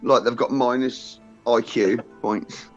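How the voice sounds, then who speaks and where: A man's voice: medium pitch, fairly even intonation, takes it slowly, lo-fi sound, soft background music. A man playing a tabletop game, chatting casually and teasing dryly. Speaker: player. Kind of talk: casual chat.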